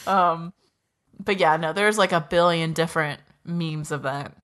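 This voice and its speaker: A woman's voice: low voice, measured pace, fairly bright tone. A woman co-hosting a podcast, chatting casually and animatedly about an anime, swearing freely and laughing often. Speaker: podcast co-host. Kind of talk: casual chat recapping an anime.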